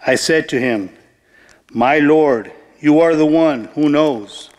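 Slow solemn man reading in church. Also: fairly high pitch. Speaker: lector. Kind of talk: liturgical scripture reading. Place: large church. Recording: church with long reverb.

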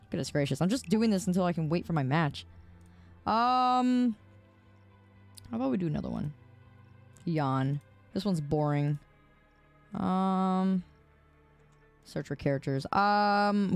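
A woman in her twenties chatting casually on a live stream, playful and teasing, quick to laugh. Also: on the low side. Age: 20s.

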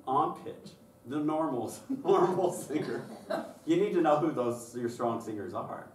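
Speaking at normal speed, a choir director presents a lively conference workshop on how children sing, slipping into high falsetto to mimic kids as part of his sung demonstrations. Captured in a conference room, the audio is distant and roomy with faint noise.

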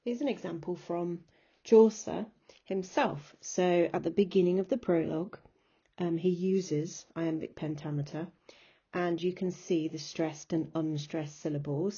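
A woman's voice: on the low side, fairly even intonation, a little slow, warm tone, husky, muffled recording. A woman teacher giving a recorded remote lesson, patiently explaining step by step and chanting rhythms aloud. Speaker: English teacher.

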